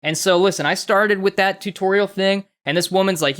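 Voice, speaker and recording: Bright, animated young man on a podcast. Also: high voice, a little fast, few pauses, smooth. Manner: animated, profane storytelling with mimicked voices. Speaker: podcast co-host. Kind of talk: casual podcast chat.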